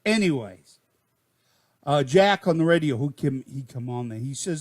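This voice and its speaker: An older man with a Maine accent tells a rambling comic tall tale in excitable folksy slang. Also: a little high, normal speed. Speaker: storyteller.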